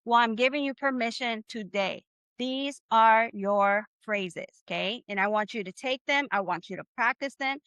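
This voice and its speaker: In a live online Spanish lesson, a woman with a smooth, high, bright voice encourages her students warmly, pronouncing phrases slowly for them to repeat. Her audio is dry, close, and echo-free, much like a video call.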